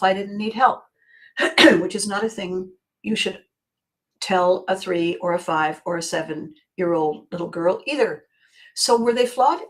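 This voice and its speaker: In her podcast, a mid-range-voiced female host muses through a self-help monologue in a reflective way. Her talk keeps circling back, with repeated phrases and occasional throat clearing.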